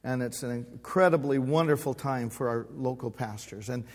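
A man's voice: mid-range voice, normal speed, darkish tone, long reverb tail. A man in his sixties preaching a sermon, folksy and humorous, with call-and-response. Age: 60s. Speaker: pastor. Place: church sanctuary.

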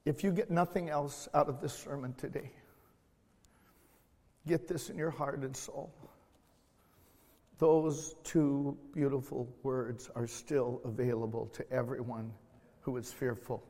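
Slow emotional preacher in a reverberant hall. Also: male voice, mid-range voice, fairly even intonation. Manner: slow, emotional preaching with dramatic swells and quiet passages. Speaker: pastor. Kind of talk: sermon. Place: church sanctuary.

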